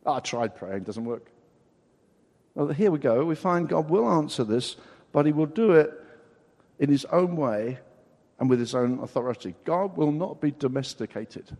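An older man preaching a sermon, acting out quoted voices with big swings of loudness. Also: fairly high pitch, animated, moderate pace. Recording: long hall reverb.

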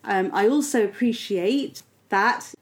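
Brief: female podcast co-host, mid pitch, dry and measured delivery. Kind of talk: casual comedic chat.

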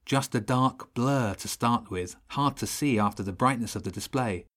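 A man narrating a children's adventure audiobook in a steady, even storytelling voice. His pitch sits at an ordinary male middle. The delivery is measured and clear.

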